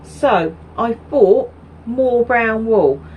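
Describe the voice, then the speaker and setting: A woman's voice: on the high side, lively intonation, drawn-out words, highs cut off, slight background noise. A woman from Essex, hosting a knitting video podcast in a rambling, chatty way with many ums and asides. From Essex, England. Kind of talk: casual chat to camera.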